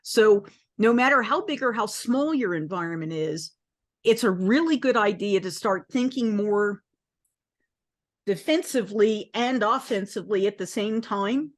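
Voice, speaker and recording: A middle-aged woman, an industry analyst, speaking in a measured, explanatory conversational discussion. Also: medium pitch, lively intonation.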